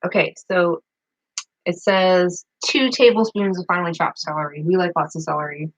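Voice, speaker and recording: A woman's voice: on the low side, fairly even intonation, normal speed, no echo, lo-fi sound. A woman chatting casually as she shows a recipe at her farmhouse table, rambling with plenty of fillers. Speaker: home cook vlogger. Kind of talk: casual cooking demonstration.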